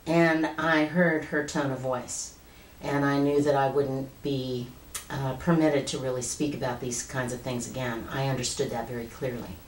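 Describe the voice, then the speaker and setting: A woman's voice: a bass voice, fairly even intonation, moderate pace, echoey room, a little hiss or hum, low-quality recording. A woman in her late fifties earnestly telling a personal story to the camera in a conversational way. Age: 50s. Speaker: vlogger.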